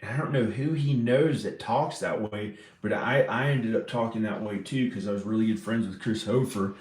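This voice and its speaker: A man's voice: lowish voice, normal speed, a little mellow. A man vlogging from inside his house in a rambling casual monologue, wandering off mid-thought and starting over. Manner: meandering, trailing off and restarting thoughts. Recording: roomy echo in a house.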